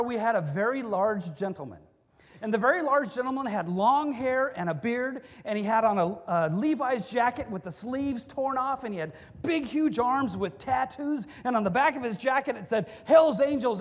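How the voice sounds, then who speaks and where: A pastor giving a sermon in a conversational way, mixing in humorous stories. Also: mid-range voice. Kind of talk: sermon with storytelling. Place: church. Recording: long reverb of a church hall.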